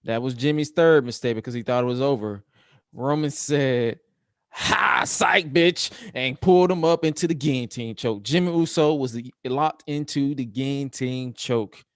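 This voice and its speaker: A man giving an animated casual recap of a match, acting out the scenes he describes. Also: mid-range voice, moderate pace, smooth, dry recording, clean studio sound. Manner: acts out scenes with exaggerated quoted voices. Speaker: wrestling show co-host.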